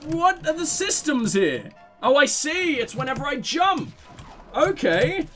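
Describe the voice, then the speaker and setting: Excitable swearing man voicing game commentary. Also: extremely high pitch, measured pace, soft background music. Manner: excitable, swearing, self-mocking. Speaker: let's play host.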